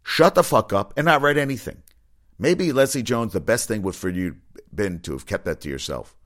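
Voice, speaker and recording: A man's voice: fairly low pitch, lively intonation, normal speed, a bit bright. A man hosting a casual opinion commentary, blunt and rambling, swearing freely. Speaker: commentary host.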